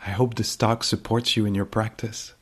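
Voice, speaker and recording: Husky man with a polite intro. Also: lowish voice, flat delivery, normal speed. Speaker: meditation teacher. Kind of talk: recorded intro.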